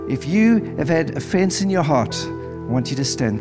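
A man's voice: a little high, big pitch swings, moderate pace. A man preaching as pastor in a church service, earnest and pleading, repeating phrases as he leads an altar call. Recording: music playing behind.

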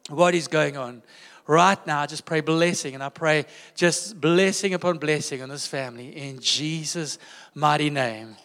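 A man's voice: a little high, moderate pace. A man pastor leading a fervent spoken prayer from the front of a church, repeating phrases over and over. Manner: fervent, repetitive, winding down softly. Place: large church hall. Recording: hall reverb.

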